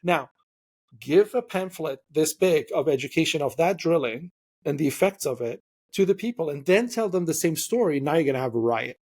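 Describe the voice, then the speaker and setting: Husky-voiced opinionated male podcast host. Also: fairly high pitch, normal speed. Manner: animated, opinionated, mimics voices when quoting. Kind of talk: casual interview conversation.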